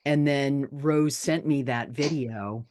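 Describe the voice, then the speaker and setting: A podcast host in a casual interview chat, speaking slowly and earnestly about faith and hope. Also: medium pitch, a little mellow. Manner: slow, earnest, spiritual musing.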